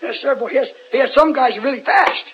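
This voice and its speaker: A man with a very high voice preaches a loose, rambling Bible sermon in a folksy way. He keeps stopping to put questions to the people listening. The sound is dull and lo-fi. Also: fast, a little hiss or hum. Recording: dull lo-fi recording.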